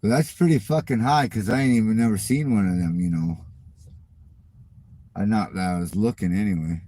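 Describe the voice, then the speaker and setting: A man's voice: on the low side, normal speed, mellow, no room sound. A middle-aged man hosting his channel, ranting in a casual, profane and mocking way at viewer comments. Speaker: channel host.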